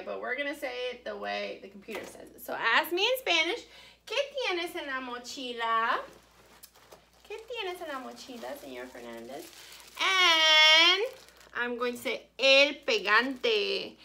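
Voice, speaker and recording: Animated, high-voiced woman teaching Spanish. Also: creaky. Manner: slow, careful modeling of Spanish words; cheerful, encouraging teacher talk. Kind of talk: recorded online class for children.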